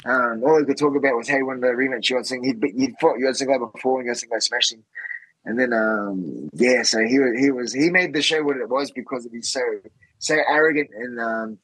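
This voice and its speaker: A man's voice: mid-range voice, fairly quick, fairly bright tone, husky, no room sound, rough recording. An Australian man, a podcast guest, telling stories in a rambling, casual way full of fillers and restarts. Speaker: guest, fighter. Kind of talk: casual storytelling.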